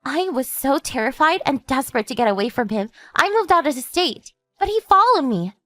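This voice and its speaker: Lively, high-pitched composed sister, a woman voicing her for an animated story. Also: no echo, soft background music. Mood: steady. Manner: measured, explanatory storytelling. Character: calm woman warning her sister about a stalker ex.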